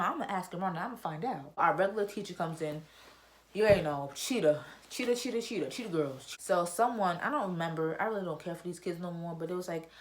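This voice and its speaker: Fast-talking chatty teenage girl. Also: lowish voice. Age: teens. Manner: animated, chatty, slangy. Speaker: YouTuber. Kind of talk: casual storytime vlog.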